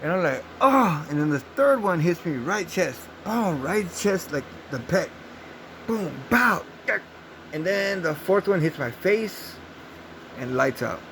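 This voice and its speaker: A man's voice: fairly high pitch, lively intonation, normal speed, slight background noise, rough recording. A young man telling a rambling, profane story casually, acting out gunshot sounds. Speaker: vlogger.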